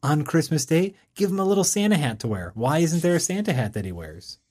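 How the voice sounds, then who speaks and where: A man co-hosting a loose, casual conversation. He rambles enthusiastically, stacking fillers and restarts as he pitches ideas. He is quick to laugh. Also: sing-song, a little mellow. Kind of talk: casual chat.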